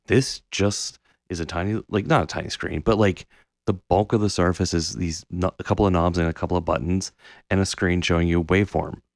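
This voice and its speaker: Low-voiced man ranting on a podcast. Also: a little fast, gravelly, no echo, clean studio sound. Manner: animated, profane, ranting. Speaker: podcast co-host. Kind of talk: casual chat.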